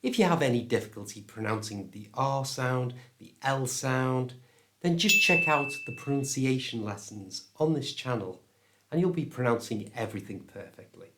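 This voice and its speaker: A man with a British English accent teaching pronunciation, speaking slowly and clearly so learners can repeat the words after him. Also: mid-range voice, expressive, fairly bright tone, a little hiss or hum. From England. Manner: slow, clear and deliberate, modelling words for repetition. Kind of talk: pronunciation lesson to camera.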